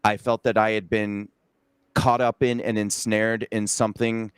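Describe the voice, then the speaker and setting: A man hosting an interview, talking earnestly with many halting restarts. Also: on the low side, flat delivery, clear, resonant tone, no room sound. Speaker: interviewer and host. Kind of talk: emotional interview talk.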